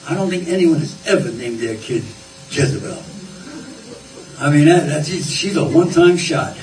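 A man's voice: on the high side, normal speed, a little mellow. A man preaching a sermon in a folksy, conversational way, often repeating his words. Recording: roomy, distant, faint ambience.

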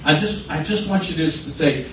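A man's voice: on the high side, normal speed, a little hiss or hum. Preaching man in an echoey church. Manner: preacherly, repetitive, rising to emphatic declarations. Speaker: pastor. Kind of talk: sermon with call-and-response prayer. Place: church sanctuary. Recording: very echoey room, from a distance, with music. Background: soft guitar music.

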